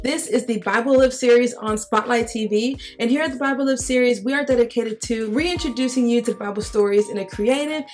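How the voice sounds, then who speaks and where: A young adult woman hosting, retelling Bible stories in a lively, slangy, conversational way. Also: fairly high pitch, a little fast, hardly any pauses. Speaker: host. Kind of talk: casual Bible storytelling.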